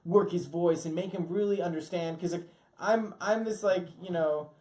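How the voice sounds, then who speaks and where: A man's voice: high voice, moderate pace, a little mellow. A man chatting animatedly as a guest voice actor on a podcast, with many fillers. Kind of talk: casual podcast chat.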